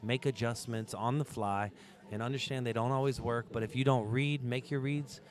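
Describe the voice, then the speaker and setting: A man's voice: mid-range voice, fairly even intonation, normal speed. A man co-commentating a pool match, who also gives lessons, speaking earnestly in a motivational coaching way about the mental game. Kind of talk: live sports commentary.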